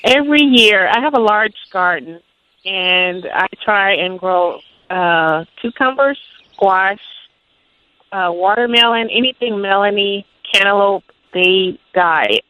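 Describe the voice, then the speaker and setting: A woman calling in to a radio show, asking a gardening question in a hesitant, halting way. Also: medium pitch, bright, forceful tone, no room sound, low-quality recording. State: frustrated. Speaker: caller.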